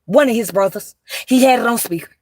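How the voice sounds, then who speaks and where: A woman's voice: a little high, brisk, warm tone, no echo. Rambling, slangy woman livestreaming. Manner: rambling, emphatic, heavy on slang and swearing; confiding, talks straight to viewers. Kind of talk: casual livestream chat.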